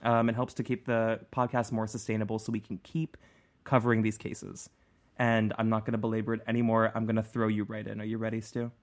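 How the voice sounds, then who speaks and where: A chatty man with a fairly low voice hosts a true crime podcast. He talks loosely, full of filler words, and laughs easily between thoughts. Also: completely flat delivery, a little fast. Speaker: podcast host and narrator. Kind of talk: casual podcast chat.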